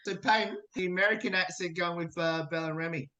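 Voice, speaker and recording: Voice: mid-range voice, steady tone, quick pace, sharp tone, lo-fi sound. An interviewer from Australia asking casual questions over a video call, with fillers. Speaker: radio interviewer.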